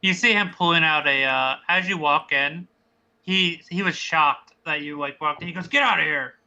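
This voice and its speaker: A man runs a tabletop role-playing session as game master. He narrates in a loose, halting way, often pausing on fillers. His voice is very bright and sits a little high. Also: clean tone.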